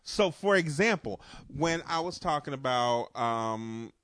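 A man's voice: medium pitch, animated, measured pace, a bit bright, no room sound, clean studio sound. A man co-hosting a casual chat, who lives in a port city and talks with frequent laughs, restarts and casual swearing. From New Orleans area. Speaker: podcast co-host.

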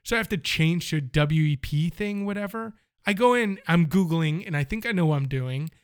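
A man telling a story in casual chat, animated, acting out both sides of phone calls. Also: a little high, fairly quick, clean tone.

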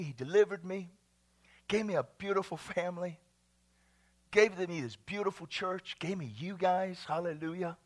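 A middle-aged male pastor gives an exuberant sermon in a high-sitting voice, lurching between shouts and hushed tones and laughing frequently.

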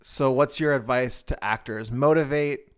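A man with an ordinary mid-range voice hosts a relaxed interview chat. He coaches improv, sounds easygoing and encouraging, and laughs easily. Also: mid-range voice, normal speed, clean tone. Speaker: podcast host and improv teacher.

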